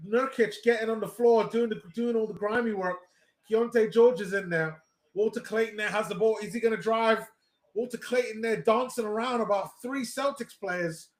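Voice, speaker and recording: A man hosting a live watch party, excitedly reacting play by play and often stammering and restarting his sentences. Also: extremely high pitch, normal speed, reverberant.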